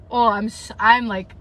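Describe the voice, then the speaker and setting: A woman's voice: sits high, bright, forceful tone. A woman streaming live as she reads a novel aloud, breaking off to rant and swear about the story with emphatic repetition. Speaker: livestreamer reading a novel aloud. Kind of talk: live read-aloud with reactions.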